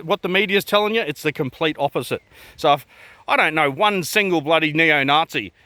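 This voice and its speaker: A man's voice: a little high, fairly bright tone, dry recording. An Australian man ranting to camera in a blunt, profane way, firing off rhetorical questions. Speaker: vlogger.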